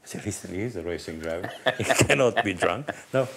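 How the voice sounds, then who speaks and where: A middle-aged man with a slightly low voice tells a racing story to friends around a table. He acts out the lines of the people in his tale and breaks into laughs now and then, in an easy, chatty way. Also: fairly quick, creaky, a crowd in the background. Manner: lively anecdote-telling, acting out quotes, laughing often. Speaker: team manager. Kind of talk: casual storytelling on a panel.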